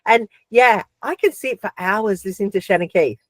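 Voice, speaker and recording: A woman's voice: medium pitch, moderate pace, no room sound. Chatty Australian woman, dry sound. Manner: chatty, animated storyteller with many fillers. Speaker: podcast guest. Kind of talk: casual chat.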